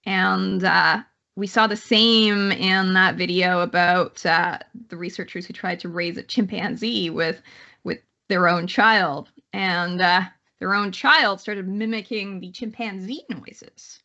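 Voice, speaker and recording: A woman's voice: medium pitch, fairly even intonation, takes it slowly, vocal fry, bright, forceful tone, muffled recording. A woman with a Canadian accent giving a live online psychology lecture in a conversational way, with many fillers and restarts. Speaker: psychology instructor.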